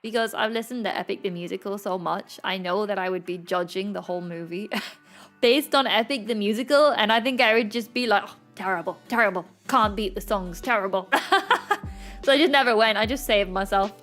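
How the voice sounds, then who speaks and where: A woman's voice: medium pitch, brisk, a bit bright. A young woman, chatting casually with her stream viewers and laughing often between lines. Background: faint music.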